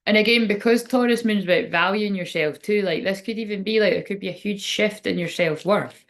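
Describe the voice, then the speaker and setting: Gravelly woman rambling through a tarot reading. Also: medium pitch, a little fast. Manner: rambling, chatty, swears freely. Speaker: tarot reader. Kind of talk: casual live tarot reading.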